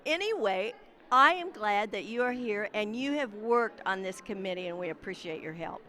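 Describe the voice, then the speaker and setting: Bright-voiced woman in her 60s, teasing emcee. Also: medium pitch, expressive, normal speed. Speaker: red carpet interviewer at a class reunion. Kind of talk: casual event interviews.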